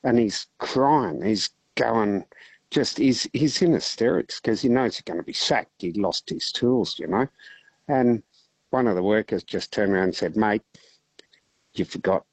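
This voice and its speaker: Man, Australian accent, radio caller, rambling storyteller, low voice, dry sound. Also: a little slow, husky, no room sound, low-quality recording. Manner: rambling, relaxed yarn-spinning. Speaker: caller, teacher. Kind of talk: casual phone-in storytelling.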